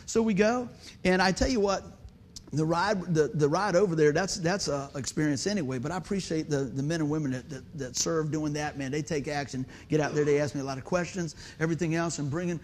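A man preaching a sermon as pastor, telling a story with shouted sound effects and questions to the congregation. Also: a little high, a little fast.

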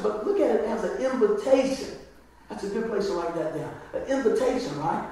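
High-voiced man preaching in echo. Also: darkish tone, a little hiss or hum. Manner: conversational, keeps asking the crowd "right?". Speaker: pastor. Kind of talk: sermon. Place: church hall. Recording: echoey hall, voice from far off.

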